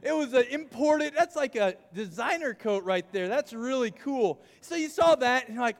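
Youth pastor, male, high and bright, animated crowd-work, reverberant hall. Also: normal speed. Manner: playful, animated, calling out to a crowd. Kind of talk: energetic youth group lesson with audience game.

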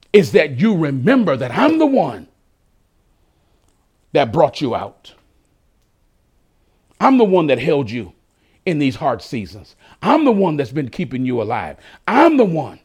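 Man preaching, high-pitched, very lively swings, call-and-response, stretched emphatic words. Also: slightly rough. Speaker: pastor. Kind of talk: sermon.

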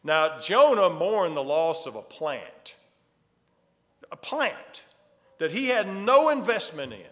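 A man's voice: on the high side, big pitch swings, slow pace, fairly bright tone, in a large hall. A male pastor preaching a sermon, building emphasis through repeated rhetorical questions.

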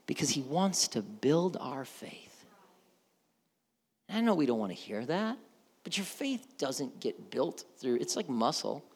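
A man preaching a sermon as pastor, animated and joking, acting out quoted voices. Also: a little high, long reverb tail.

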